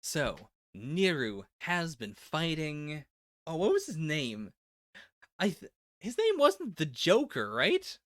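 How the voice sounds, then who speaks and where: A man's voice: fairly high pitch, wildly swooping pitch, takes it slowly, a bit bright, dry recording, clean studio sound. Chatty man reacting to manga. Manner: rambling and chatty, lots of "like" and laughs. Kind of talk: casual live manga reaction. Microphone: laptop setup.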